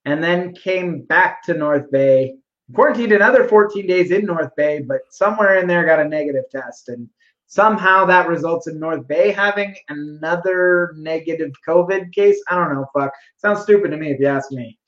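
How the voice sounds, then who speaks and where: A man's voice: on the high side, normal speed, a bit bright. A man in casual podcast chat, skeptical and profane, laughing often. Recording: echoey, dull-sounding mic.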